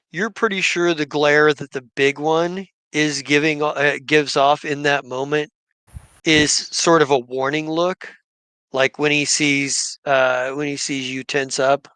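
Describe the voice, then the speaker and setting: A man's voice: on the high side, pushed and bright, clear, resonant tone, no echo. A man narrating a tabletop game as game master, hesitant and full of restarts. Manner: hesitant, many fillers and restarts.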